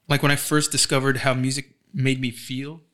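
A man in casual podcast conversation, animated, swearing freely and often acting out other people's voices. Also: medium pitch. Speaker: podcast co-host. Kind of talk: casual chat.

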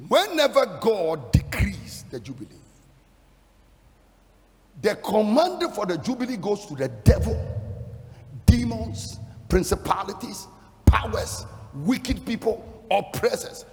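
A man delivering a fiery sermon, his high voice swooping widely as he stresses each point. He builds from low, measured lines into shouted declarations. The long reverb of a large hall trails after every phrase. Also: sing-song. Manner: emphatic, rising into shouted declarations. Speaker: preacher.

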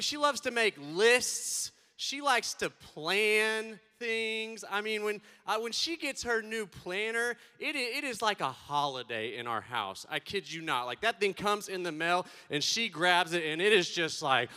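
A man giving a comedic keynote to students, playful and animated, swinging between loud and soft. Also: high-pitched. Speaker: speaker addressing students. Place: large event hall. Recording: long hall reverb.

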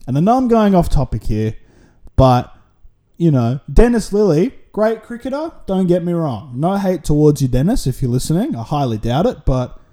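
A man's voice: a little high, big pitch swings, moderate pace, dark tone. A man with an Australian accent hosting a solo podcast, rambling through a casual, sweary monologue full of tangents. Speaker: podcast host.

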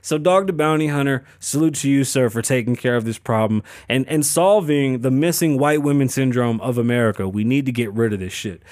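A man's voice: medium pitch, brisk, hardly any pauses, darkish tone, dry recording, clean studio sound. A man hosting a podcast, riffing on news in a casual, profane, joking way. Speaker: podcast host. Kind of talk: casual commentary.

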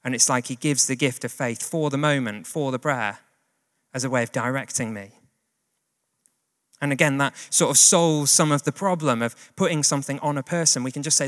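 Male preacher, chatty sermon delivery, mid pitch, long hall reverb. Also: moderate pace, fairly bright tone. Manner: conversational, plain-spoken, with fillers and asides.

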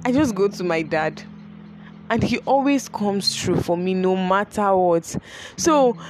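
A young woman tells a personal story, emotional, repeating her phrases and laughing between sentences. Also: mid-range voice.

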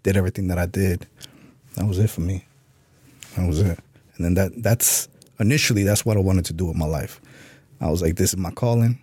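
A man's voice: low voice, steady tone, a little fast, long pauses, darkish tone, slightly rough, no echo. A man being interviewed on a podcast, telling a story in a laid-back way and swearing casually. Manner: laid-back, profane, full of "you know what I'm saying". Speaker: podcast guest, author and Army veteran.

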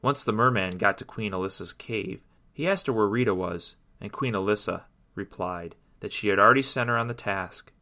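A man reading a children's story aloud in an expressive, sing-song storytelling way. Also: on the low side, normal speed.

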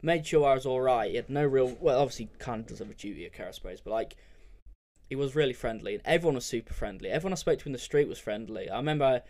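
A man's voice: mid-range voice, lively intonation, quick pace, darkish tone. A young man, telling travel stories on his podcast in a loose, candid, sweary way with lots of fillers. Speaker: podcast host. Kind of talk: casual solo storytelling.

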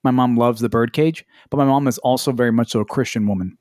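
A male podcast co-host talks fast in a medium-pitched, darkish voice, recorded dry with clean studio sound. His casual chat is full of storytelling, acted-out quotes, and offhand swearing.

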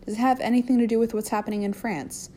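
A woman's voice: on the high side, fairly even intonation, quick pace, warm tone, a little hiss or hum, voice pushed up, close to an everyday voice. A woman voicing a careless, oblivious young nobleman who speaks casually in a storybook reading.

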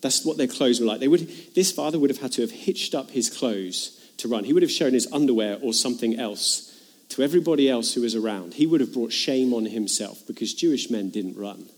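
A man preaching with earnest conviction, pushing his voice up in pitch and volume to drive home each point. He retells a parable with dramatic flair, then drops back into a plain, conversational tone with the congregation. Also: animated, fairly quick. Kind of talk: sermon.

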